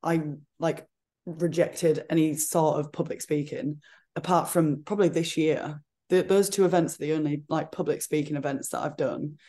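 A woman's voice: sits low, normal speed. Chatty woman guest with a regional accent. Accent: regional accent she calls her own. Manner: chatty, frequent "like" fillers, animated retelling. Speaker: podcast guest, fitness coach. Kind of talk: casual interview chat.

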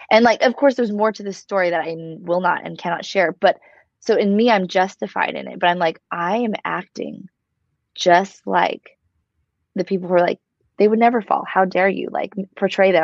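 A woman co-hosting a casual faith conversation, telling a story in an animated way and laughing at herself. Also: mid-range voice, gravelly, dry recording. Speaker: co-host of a faith talk show. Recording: dull dry lo-fi recording.

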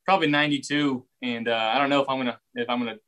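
A young man, a football quarterback, answering reporters' questions in a relaxed way, often repeating words as he finds his phrasing. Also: mid-range voice, rapid-fire, rough recording. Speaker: football quarterback at a press session. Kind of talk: casual press interview answers.

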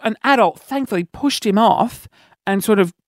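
A man hosting a podcast, telling self-mocking stories in an animated way. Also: moderate pace, no echo. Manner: animated, self-mocking, jumps into shrill yelps when acting out panic. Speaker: podcast host. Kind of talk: casual storytelling monologue.

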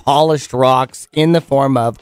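A man's voice: medium pitch, fairly even intonation, a little slow, clean tone. A man co-hosting a radio show, telling stories in casual, laughing banter. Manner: chatty storytelling, laughs often. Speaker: radio co-host.

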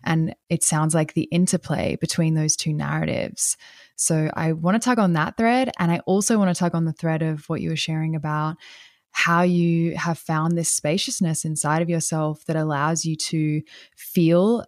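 Low-voiced woman hosting a podcast. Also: steady tone, moderate pace, no room sound, clean studio sound. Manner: warm, searching questions with many "like" fillers. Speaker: podcast host. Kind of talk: casual podcast conversation.

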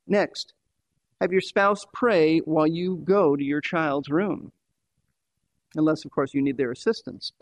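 A male preacher with a high-pitched voice delivers a sermon, pressing his points and repeating key phrases for emphasis. The sound is dry and close, with no room echo. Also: steady tone, a little slow.

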